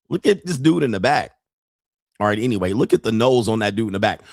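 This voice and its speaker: A man's voice: medium pitch, no echo. A man talks, riffing over clips he is watching. He is blunt and profane, mocking and laughing as he goes, with a mid-range voice. The sound is dry and close, with no room around it. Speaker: streamer reacting to pickup videos. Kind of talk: casual reaction commentary.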